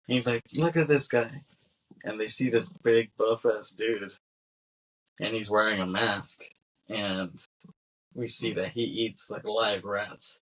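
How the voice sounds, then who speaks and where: Husky-voiced man recapping a film. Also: lowish voice, level tone, slow pace, a bit bright, rough recording. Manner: rambling recap with acted-out quotes and laughs. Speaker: podcast co-host. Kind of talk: casual film discussion.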